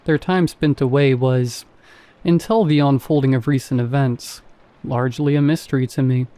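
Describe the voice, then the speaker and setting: A man narrates a first-person scary story with calm, measured pacing. His voice is mellow and dark-toned, sitting at a middle pitch. The reading is steady and scripted.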